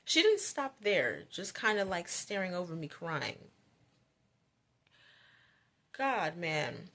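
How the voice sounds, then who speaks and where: A woman's voice: on the low side, takes it slowly. A woman vlogger telling a childhood story in a casual, chatty way, rambling with lots of fillers. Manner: chatty, rambling, many "like"s, grows animated.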